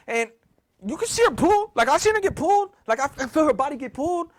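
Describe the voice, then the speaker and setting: A young man casually telling a story in slangy, profane, animated talk with a lot of repetition. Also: extremely high pitch, fast talker. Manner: slangy, profane, animated retelling with many repeats.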